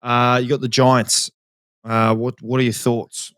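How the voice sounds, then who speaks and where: A talkative Australian man co-hosting a podcast, who tells stories with energy and acts out the voices in them. His pitch sits in the middle range. The recording is dry, with no room echo. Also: unhurried. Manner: chatty, animated storyteller, acts out dialogue. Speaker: podcast co-host and footballer. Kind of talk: casual chat.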